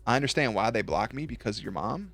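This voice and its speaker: A man streaming at night, chatting casually with his viewers, swearing, joking and now and then breaking into loud high yelps. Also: animated, fast talker, faint music behind. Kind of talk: casual chat reading out viewer messages.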